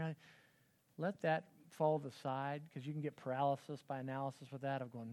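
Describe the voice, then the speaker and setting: A man's voice: on the high side, fairly even intonation, a little fast, a little mellow. Earnest middle-aged male pastor. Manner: earnest, conversational, many asides and quoted dialogue. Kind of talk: church talk to parents.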